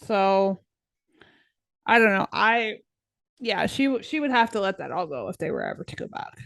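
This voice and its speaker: A woman's voice: medium pitch, very animated, normal speed, gravelly, no echo. A young woman co-hosting a podcast, chatting casually and filling her talk with "like" and "right?". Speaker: podcast co-host; teacher. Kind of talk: casual chat.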